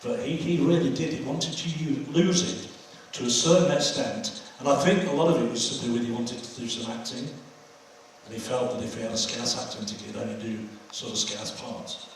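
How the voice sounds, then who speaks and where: A man's voice: mid-range voice, fairly even intonation, brisk, a little hiss or hum. An older man hosting an audience Q&A after a film screening, telling chatty anecdotes. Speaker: host taking audience questions. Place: screening hall. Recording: echoey hall from far off.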